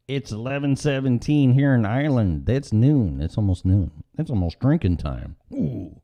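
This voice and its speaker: A man's voice: on the low side, sing-song, normal speed, lo-fi sound. A middle-aged man hosting a casual live-stream show, rambling and sarcastic with frequent swearing. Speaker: podcast host.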